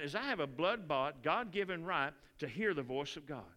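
A man preaching a sermon in a church, animated and folksy, repeating phrases. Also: a little high, normal speed. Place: church sanctuary. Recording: church hall reverb.

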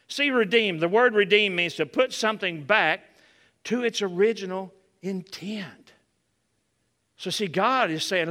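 A man preaching a sermon in an animated way, calling out to the congregation as he goes. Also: sits high, a little slow. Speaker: pastor. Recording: long hall reverb.

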